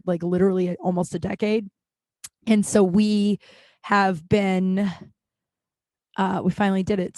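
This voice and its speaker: A podcast host with a mid-range voice chats casually on her own solo show, rambling and poking fun at herself. She swears freely and fills her talk with ums and restarts. There is no echo on the recording.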